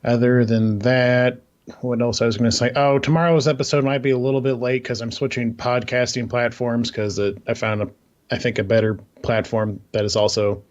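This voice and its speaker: A man co-hosting a gaming podcast in casual chat, rambling and hesitant, with deadpan sarcasm. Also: medium pitch, normal speed. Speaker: podcast co-host. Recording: slightly muffled lo-fi mic.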